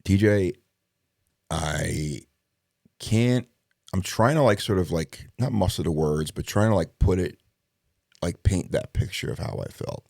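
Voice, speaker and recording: A middle-aged man, a former police detective, telling a story in a casual interview, profane and animated, acting out the dialogue. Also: sits low, unhurried, creaky, long pauses, dry recording, studio quality.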